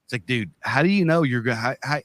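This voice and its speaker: A man's voice: medium pitch, animated, fast talker, fairly bright tone, no echo. A man co-hosting a podcast, telling a long story in a loose, profane, rambling way. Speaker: podcast co-host.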